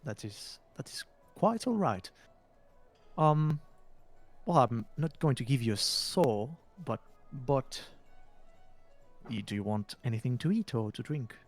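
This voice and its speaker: A man voicing a warm, kindly older woman barkeep who calls everyone dear and darling. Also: mid-range voice, animated, slow pace, long pauses, soft background music. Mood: sweet. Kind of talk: tabletop role-play voice acting.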